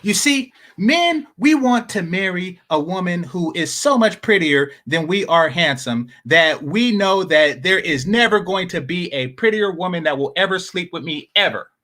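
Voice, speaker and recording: Lively, bright-voiced blunt male commentator. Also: sits high, moderate pace, few pauses. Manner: blunt, mocking. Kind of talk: reaction commentary.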